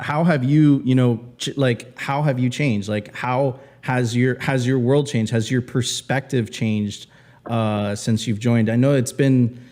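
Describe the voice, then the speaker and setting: A male host from Venezuela chatting on a panel, halting and restarting as he poses questions. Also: mid-range voice, dark tone. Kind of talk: casual panel chat.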